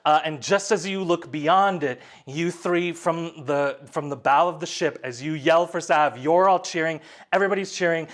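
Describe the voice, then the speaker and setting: A man narrating a tabletop game as game master, animated, with many fillers and laughs. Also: fairly high pitch, moderate pace.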